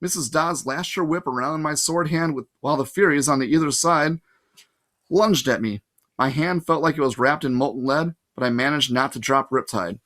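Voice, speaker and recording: A man reading a novel aloud, narrating in a steady first-person manner. his voice sits a bit high for a man. he adds occasional casual asides to his listeners. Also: normal speed. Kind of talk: storybook read-aloud.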